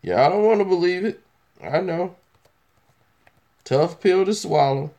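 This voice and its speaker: Emphatic male host, slightly high voice. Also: animated, a little slow, warm tone. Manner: emphatic, repetitive, teasing. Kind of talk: casual opinion commentary.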